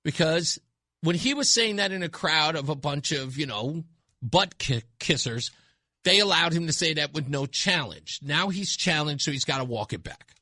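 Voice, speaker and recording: A man's voice: fairly high pitch, expressive, normal speed, bright, forceful tone, dry recording. A man hosting a talk radio show, speaking bluntly and emphatically into a studio microphone, repeating his points for effect. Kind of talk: opinionated talk radio monologue.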